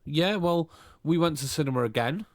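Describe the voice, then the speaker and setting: A man's voice: fairly high pitch, animated, normal speed, dry recording, clean studio sound. A man co-hosting a casual podcast chat, rambling and correcting himself as he goes. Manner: rambling, easygoing, self-correcting. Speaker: podcast co-host.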